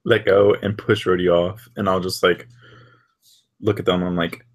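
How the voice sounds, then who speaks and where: A man with a husky, lowish voice who plays a tabletop role-playing game. He describes his character's moves in a loose, filler-heavy way. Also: little pitch movement, moderate pace. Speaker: player.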